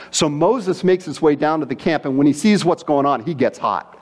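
A man's voice: on the high side, moderate pace. A man preaching a sermon, telling stories with acted-out quotes and voices. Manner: animated storytelling with voiced quotes. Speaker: pastor.

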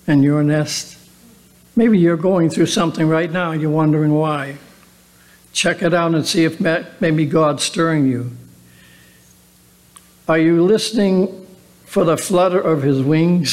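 A man's voice: fairly high pitch, fairly even intonation. A man pastor giving an earnest sermon with rhetorical questions. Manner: earnest, slow, drawn-out preaching with rhetorical questions.

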